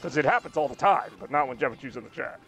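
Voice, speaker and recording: A young man in a mid-range voice rambles and jokes while he plays, reacting to whatever his chat throws at him. Quiet game music sits under his voice. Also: mid-range voice, expressive, quick pace. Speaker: streamer. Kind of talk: casual game-stream chatter.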